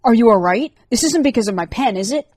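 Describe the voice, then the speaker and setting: A woman voicing Liz, an anxious teenage girl who stammers with worry, higher and louder than her narration. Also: animated, fast talker, breathy edge, no echo, clean studio sound. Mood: worried. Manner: worried, stammering.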